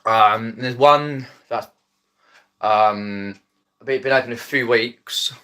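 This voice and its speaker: Chatting casually to his phone live stream audience, a man from Epsom, Surrey, speaks with a Mockney, South East English accent. His mid-range voice is smooth and a bit bright, at a slow pace. He rambles, with lots of ums and restarts.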